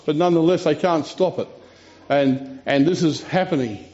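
A man preaching a sermon in an earnest, storytelling way. He reads scripture aloud and often pauses and restarts. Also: on the high side, darkish tone. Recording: dull lo-fi recording.

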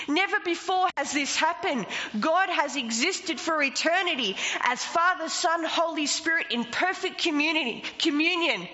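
A woman's voice: sits high, pushed and bright. A woman preaching a sermon, emphatic and rising into passionate declarations. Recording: long reverb, dull lo-fi sound, faint noise.

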